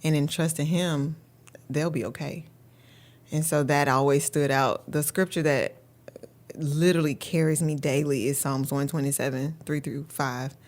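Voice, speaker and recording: A woman with a notably low voice, speaking as a guest parent coach. She tells her stories earnestly and leans on the word "literally" a lot. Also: steady tone, normal speed, darkish tone. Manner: earnest, often says "literally". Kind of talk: personal storytelling in an interview.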